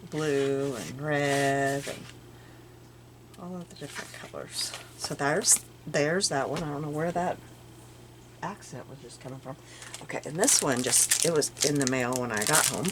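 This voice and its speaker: Chatty low-voiced older woman, lively. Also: a little slow, pauses often. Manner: chatty, musing aloud, drifting into soft murmurs. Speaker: crafting vlogger. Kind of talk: casual show-and-tell chat. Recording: audible background noise.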